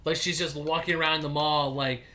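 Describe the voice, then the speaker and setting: Bright-voiced excitable man on a podcast. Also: on the high side, moderate pace. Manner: animated, acts out characters' lines. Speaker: podcast co-host. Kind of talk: casual review chat.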